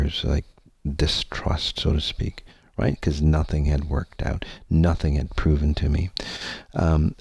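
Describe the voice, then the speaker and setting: Very deep gravelly man, husky and candid. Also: warm tone, no room sound. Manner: candid, meandering, swears freely, many fillers. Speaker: podcast host. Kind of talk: personal storytelling monologue.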